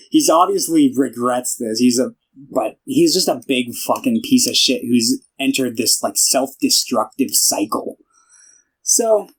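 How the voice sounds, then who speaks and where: Excitable young man recapping a film. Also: medium pitch, rough recording. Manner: excited, profane retelling with acted quotes. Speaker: podcast co-host. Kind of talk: casual film podcast chat.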